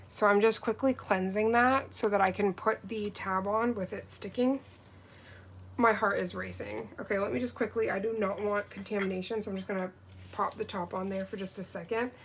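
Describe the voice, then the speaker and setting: A woman reviewing nail gels on a live stream, gushing and gasping with excitement and chatting to viewers. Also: mid-range voice. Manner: gushing, gasping, breathy exclamations, greets viewers. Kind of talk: excited live unboxing chat.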